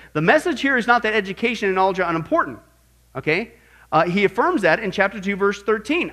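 A middle-aged man teaching a Bible class in an animated sermon style, swinging from quiet asides to loud exclamations. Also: high-pitched, quick pace.

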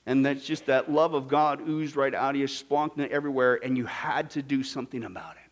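A man from Kansas preaching a sermon as a pastor, animated and jokey, swinging from loud bursts to hushed asides. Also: mid-range voice, fairly quick. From Kansas, United States. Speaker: pastor teaching a Bible study.

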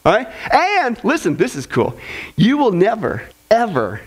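A man's voice: high-pitched, wildly swooping pitch, measured pace. A male pastor preaching a humorous sermon, firing off punchy lists and talking straight to the audience.

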